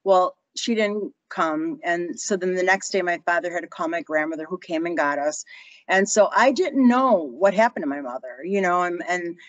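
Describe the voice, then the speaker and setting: A woman's voice: on the low side, moderate pace, no echo, highs cut off. A woman in her sixties, a guest telling personal stories in an interview and acting out the voices of people she quotes. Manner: animated, acts out quoted voices. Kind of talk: storytelling interview.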